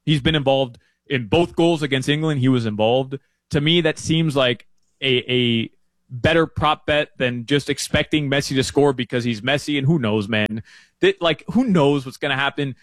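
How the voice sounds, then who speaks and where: A man talking through soccer picks in a rambling, animated way, full of fillers and restarts, as a guest on a sports chat show. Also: medium pitch, moderate pace, no room sound. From Uruguay fan living in Miami.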